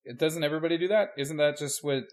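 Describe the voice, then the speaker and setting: A man co-hosting a podcast, reacting with quick wry comments and laughter in a casual chat. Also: on the high side. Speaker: podcast co-host, preacher.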